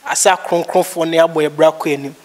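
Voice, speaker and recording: A man's voice: fairly high pitch, fairly even intonation, quick pace. A man with a Ghanaian accent giving his views in a casual chat, rambling and repeating himself. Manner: rambling, repetitive. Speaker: guest.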